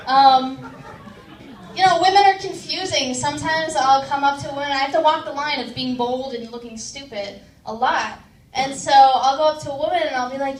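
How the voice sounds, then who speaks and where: Woman, 20s, high-pitched stand-up comic with a deadpan, hesitant delivery; live club recording picked up from a distance with faint room noise. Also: brisk, a faint crowd. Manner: deadpan, self-deprecating, frequent "um"s. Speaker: stand-up comedian. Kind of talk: stand-up comedy set. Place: comedy club stage. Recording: roomy, distant live stage mic.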